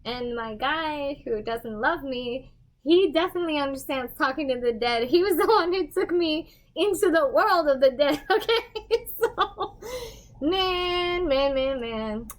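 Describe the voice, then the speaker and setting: Goofy young woman medium on a casual livestream, high-pitched, rambling, quick to laugh. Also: animated. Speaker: medium giving livestream readings.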